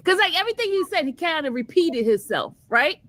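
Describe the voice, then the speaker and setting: A woman's voice: sits high, big pitch swings, a little fast, fairly bright tone. A woman trial vlogger casually telling a story to her viewers, chatty and often laughing, calling them y'all.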